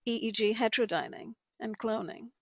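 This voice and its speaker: A woman's voice: on the high side, a little fast, gravelly, dry recording. A woman hosting an interview, affirming and summing up what her guest says. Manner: affirming, summarizing the guest's points. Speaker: interview host. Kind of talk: conversational interview. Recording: dry, dull lo-fi audio.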